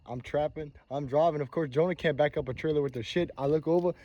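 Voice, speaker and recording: A young man in casual banter with friends, teasing and crude, talking fast about truck parts and stories. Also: a little high, dark tone, dull audio.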